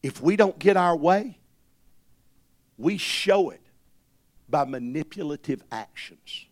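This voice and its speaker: Gravelly high-pitched male preacher. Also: animated, slow pace. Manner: impassioned preaching with congregation call-and-response. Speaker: pastor. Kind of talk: sermon.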